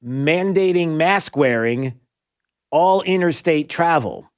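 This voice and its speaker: A man hosting a talk radio show, giving an emphatic opinion monologue that rises to near-yelling when he gets riled. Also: on the high side, expressive, takes it slowly, clean tone, no room sound.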